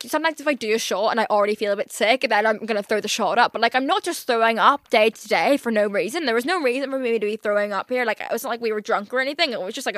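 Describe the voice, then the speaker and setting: A fairly high, fairly bright female voice comes through in studio quality with no room sound. She's a Northern Irish podcast host in her twenties, running a casual solo show where she chats, overshares, swears often and fills every gap with "like".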